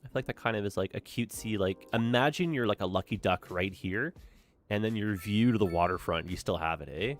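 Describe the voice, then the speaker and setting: A young gaming streamer gives casual let's-play commentary on a city-building game, chatty and upbeat, often ending sentences with an "eh" tag question. His voice is lowish and fairly quick.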